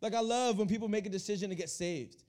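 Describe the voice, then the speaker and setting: Young man, youth preacher, sermon, mellow warm tone, higher pitch, animated, repeats words. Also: fast talker. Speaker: youth pastor. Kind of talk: energetic sermon. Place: church hall.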